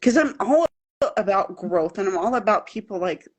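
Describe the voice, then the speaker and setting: A middle-aged woman guest in a casual interview, telling her story in an animated, openly emotional way and acting out the voices she quotes. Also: medium pitch, normal speed, husky, dull audio.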